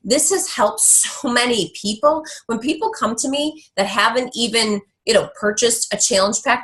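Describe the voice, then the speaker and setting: A woman giving a blunt, fast-moving motivational talk to a sales team on a call. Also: fairly high pitch, low-quality recording. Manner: blunt, animated, slangy. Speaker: guest speaker on a team call.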